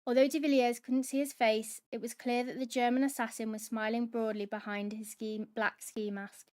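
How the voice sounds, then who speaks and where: A woman hosting a book club, reading a novel aloud in steady dramatic narration. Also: a little high, normal speed.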